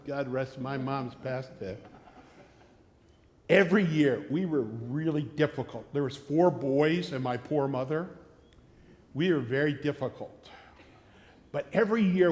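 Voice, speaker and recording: A man with an American accent preaching a sermon, telling stories and acting out shouted quotes. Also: fairly high pitch, big-room sound. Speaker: pastor. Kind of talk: sermon with storytelling. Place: church sanctuary.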